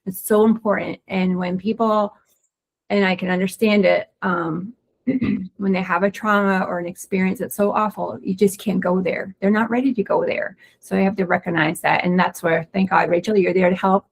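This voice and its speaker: Woman with a gravelly voice explaining pelvic health. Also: medium pitch. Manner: fast, excited talker with frequent restarts. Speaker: pelvic floor physical therapist. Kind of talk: webinar presentation, casual explanation.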